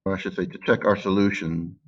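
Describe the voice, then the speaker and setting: A man's voice: sits low, level tone, quick pace, lo-fi sound. A man teaching math in a screen-recorded lesson, patiently stressing key words and thinking aloud with fillers.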